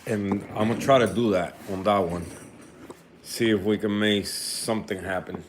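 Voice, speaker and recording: A man's voice: lowish voice, steady tone, moderate pace, noisy background. A young man in a casual home vlog, rambling with many restarts as he shows his aquarium, sometimes talking with his mouth full. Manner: rambling, restarts often, talks while eating. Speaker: reef tank hobbyist vlogger.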